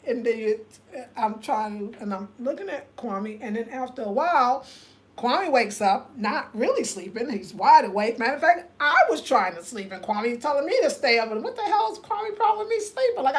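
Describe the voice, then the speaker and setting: Older lady, storytelling, kinda high voice, swears a lot, acts out everybody. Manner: animated, profane, acts out other people. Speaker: vlogger. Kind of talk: casual storytelling.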